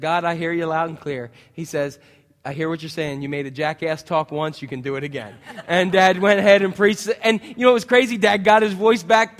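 A male preacher delivers a sermon with animated storytelling, acting out voices as he goes. His voice sits high for a man, and the church hall adds a long, lingering reverb. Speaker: pastor.

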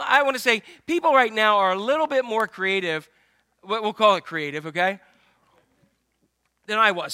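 A man's voice: high voice, pushed and bright. An older man preaching a sermon, joking and putting questions straight to his congregation. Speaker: pastor.

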